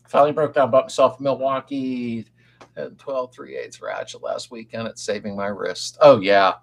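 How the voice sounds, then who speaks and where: A livestream host, an older man, talks at normal speed in a creaky, medium-pitched voice. His casual, folksy rambling includes answering viewers and calling out their names in greeting.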